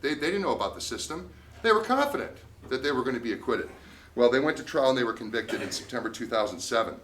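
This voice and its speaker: A man's voice: mid-range voice, fairly bright tone. A male attorney giving a talk at a meeting, telling a case story with emphatic, indignant storytelling. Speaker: tax attorney speaking at a meeting. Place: meeting room.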